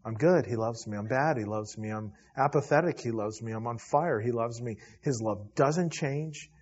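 A man preaches to his church in a husky voice, his delivery rising to loud appeals and sinking to near-whispers. The recording is dull and lo-fi, as if taped during a service. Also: mid-range voice, moderate pace. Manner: preaching with swells from loud to hushed. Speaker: pastor. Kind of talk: sermon.

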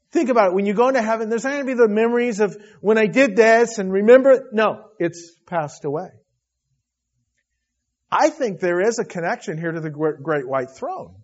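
A middle-aged pastor delivers an emotional sermon, his voice pitched a little high and shifting from hushed tenderness to loud intensity. The recording sounds dull and lo-fi.

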